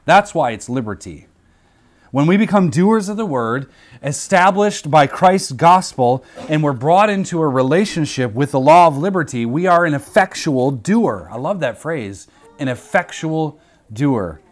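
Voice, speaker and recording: Earnest male preacher. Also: mid-range voice. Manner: earnest, emphatic repetition. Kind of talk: sermon.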